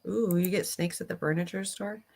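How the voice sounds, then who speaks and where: A woman's voice: fairly low pitch, fairly even intonation, fairly quick, creaky, darkish tone. A woman streamer reacting casually to videos, chatty and sympathetic, swearing freely.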